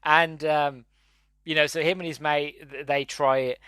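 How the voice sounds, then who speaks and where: A man's voice: fairly high pitch, little pitch movement, measured pace, fairly bright tone, smooth, no echo. A man hosting a podcast, reviewing a movie in a rambling, exasperated way with laughing asides. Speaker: podcast host. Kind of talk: casual solo movie review.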